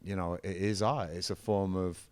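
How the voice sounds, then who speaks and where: The guest, a middle-aged man who once managed a football team and played music, chats casually in an interview at normal speed. His low-pitched voice is steady, darkish and clean, recorded dry, and he rambles through stories with enthusiasm.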